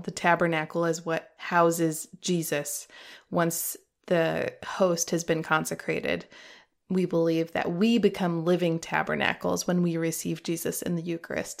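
A middle-aged woman hosting a podcast, telling a personal faith story in a heartfelt way, emotional at times and laughing through tears. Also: lowish voice. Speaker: podcast host.

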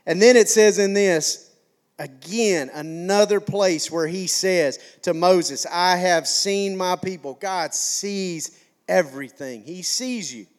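Folksy high-voiced man preaching. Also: takes it slowly. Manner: folksy, conversational preaching with repetition. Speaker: pastor. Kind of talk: sermon.

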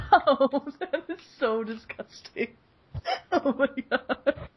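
A woman's voice: sits high, expressive, very slow. Giggly woman podcast host, lo-fi sound. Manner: giggly, laughs often. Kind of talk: casual podcast chat. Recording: dull lo-fi recording.

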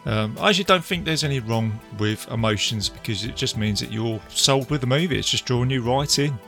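Male co-host, bright and gravelly, eager and chatty. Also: medium pitch, brisk, soft background music. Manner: enthusiastic, lots of agreeing and laughing. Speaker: podcast co-host. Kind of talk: casual film chat.

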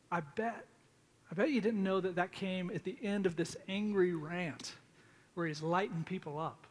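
A middle-aged man preaching a sermon, telling stories in a conversational way and slowing down to plead. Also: high-pitched. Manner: conversational storytelling with pleading, dramatic pauses. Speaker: pastor.

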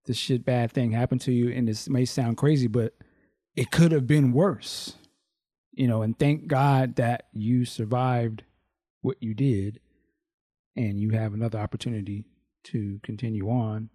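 Male co-host, warm low tone, reflective and supportive, dry recording. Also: steady tone, unhurried, dry recording. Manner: supportive, reflective, loose with fillers. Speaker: podcast co-host. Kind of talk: casual chat.

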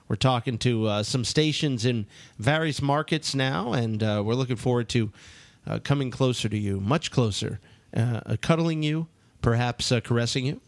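A man's voice: medium pitch, no echo. A man hosting a late-night radio talk show, joking and padding his lines with fillers. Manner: joking, drawn-out filler-heavy delivery.

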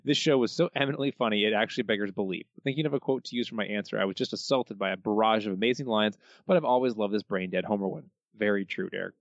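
A man co-hosting a podcast, reading out listener answers in a casual way with quick bursts of put-on voices. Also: on the low side, dry recording, dull audio. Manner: reads quotes with bursts of mock voices, chuckling. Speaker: podcast co-host.

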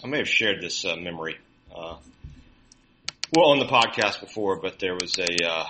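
A man from Mississippi chats on a podcast in a slightly low, bright and forceful voice. His humor is dry and wry, and he laughs easily. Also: animated, moderate pace, a little hiss or hum, low-quality recording. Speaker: podcast co-host. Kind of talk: casual podcast chat.

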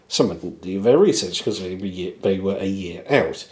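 A man's voice: fairly low pitch, fairly quick, few pauses, a little mellow. Man chatting on a podcast. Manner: quotes lines in put-on voices, chuckles at himself. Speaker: podcast co-host. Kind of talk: casual chat and scripted segment.

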